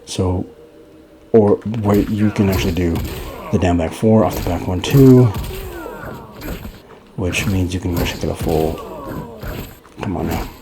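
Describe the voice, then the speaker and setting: Man, casual gameplay commentary, deep, faint background hiss, rambling with fillers. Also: unhurried, pauses often. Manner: rambling, loose, with many fillers and restarts. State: out of breath. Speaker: gaming guide creator.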